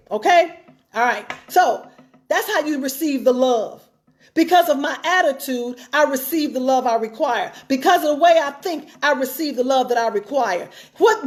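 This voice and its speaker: High-voiced woman preaching with emphasis. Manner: emphatic, repeats phrases for stress. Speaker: pastor. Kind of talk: sermon-style teaching talk.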